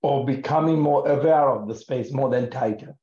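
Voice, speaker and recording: A man guiding a yoga breathing practice in a gentle, calm and soothing way, with many pauses. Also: medium pitch. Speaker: yoga teacher. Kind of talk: guided yoga breathing instruction. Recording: echoey room, dull lo-fi sound.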